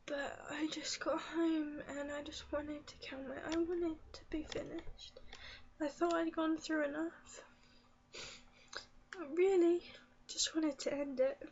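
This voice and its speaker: A teenage girl talks slowly and softly in a confessional vlog, her high voice halting and often dropping to a tearful whisper. The sound is muffled and lo-fi. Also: steady tone, a little hiss or hum. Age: teens. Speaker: vlogger.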